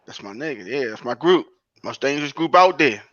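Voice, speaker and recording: A man's voice: medium pitch, expressive, a little fast, fairly bright tone, no echo, dull audio. A man co-hosting a casual podcast chat, talking earnestly and explaining at length.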